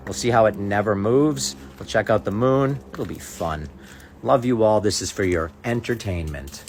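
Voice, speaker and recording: A man's voice: on the low side, moderate pace. A man, a social media creator, ranting to camera in an indignant, sarcastic way and repeating his challenges.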